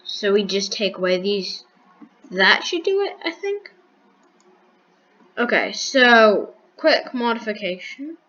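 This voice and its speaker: Slow, dry-humored woman thinking aloud. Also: mid-range voice, very animated, fairly bright tone, highs cut off. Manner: unhurried, thinking aloud with restarts and counting. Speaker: gaming video creator. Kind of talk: casual Minecraft build commentary.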